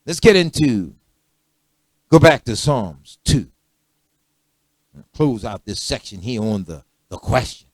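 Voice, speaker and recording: A man preaching a sermon, swinging from quiet conversational asides to loud, emphatic declarations and checking that listeners follow. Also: medium pitch, sing-song, slow, pauses often, dry recording.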